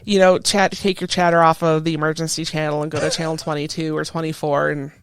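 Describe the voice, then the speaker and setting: A woman, a retired Coast Guard chief petty officer, telling stories in a casual interview, lively and acting out other people's voices. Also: deep voice, fast talker, clear, resonant tone, no echo. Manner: lively, animated storyteller who acts out quoted voices.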